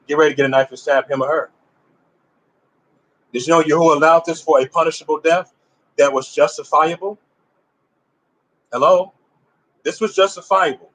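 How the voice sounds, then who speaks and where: Emphatic man teaching, higher-pitched voice. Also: a bit bright, low-quality recording. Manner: emphatic, fires rhetorical questions at listeners; loose conversational phrasing with restarts. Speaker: religious teacher. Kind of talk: informal religious teaching.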